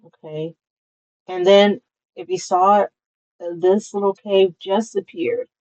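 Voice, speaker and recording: A woman's voice: mid-range voice, fairly even intonation, measured pace, a little mellow, rough recording. A woman streaming a game, explaining quests in casual, rambling commentary. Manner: rambling, with many fillers.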